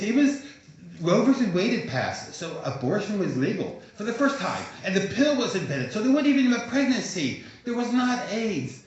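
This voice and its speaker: A man's voice: high voice, big pitch swings, moderate pace, slight background noise. A man in his sixties hosting a live comedy show, doing self-mocking stand-up and chatting with the audience. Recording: echoey venue, dull sound.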